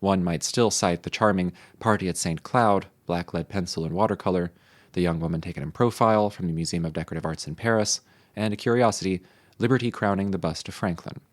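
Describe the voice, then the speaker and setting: A man reading historical texts aloud in a measured, even manner. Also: sits low. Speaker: reader.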